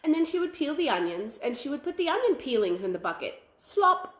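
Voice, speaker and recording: A woman telling a traditional folktale aloud at a library, animated and full of sound effects. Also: high-pitched, fast, reverberant. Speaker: library storyteller.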